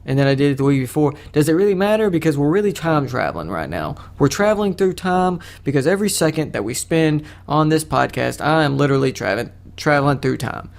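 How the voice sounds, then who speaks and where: A young man with a slightly high voice rambles through a solo podcast, joking crudely at his own expense. His talk is loose and casual, full of restarts and asides. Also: animated, fast, gravelly, few pauses. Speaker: podcast host.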